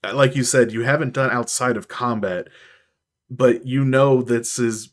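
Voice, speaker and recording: A man's voice: mid-range voice, fairly even intonation, measured pace. A man narrating a tabletop game as game master, loose and filler-heavy as he describes the scene.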